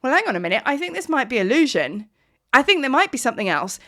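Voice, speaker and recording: A woman, giving a casual, animated spiritual energy talk as a teacher, laughing now and then. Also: high voice, quick pace. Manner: chatty, animated, often asks "do you know what I mean".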